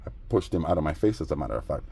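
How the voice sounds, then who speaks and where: A man's voice: rumbling low, big pitch swings, very fast, gravelly, mellow, slightly rough. A man vlogging casually, rambling through a story in slangy talk with constant asides. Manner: rambling, slangy, with frequent "you know what I mean".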